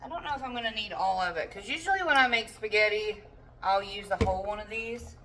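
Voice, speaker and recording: Chatty young mom cooking at home. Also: female voice, mid-range voice, quick pace, sharp tone, distant mic, a little hiss or hum, rough recording. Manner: chatty, rambling, self-deprecating asides. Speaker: home cook vlogger. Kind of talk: casual cooking chat. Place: home kitchen.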